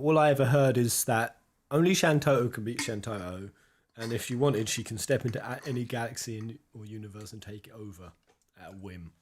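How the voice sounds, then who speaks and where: A man streaming a game, reacting with chatty asides and frequent laughter. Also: mid-range voice. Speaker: let's play streamer. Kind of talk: reaction commentary.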